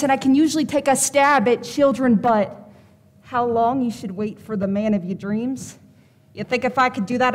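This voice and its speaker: A woman's voice: high voice, big-room sound, lightly acted. Woman playing a brassy fake fortune teller. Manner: brash, blunt and wisecracking. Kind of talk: stage play acting.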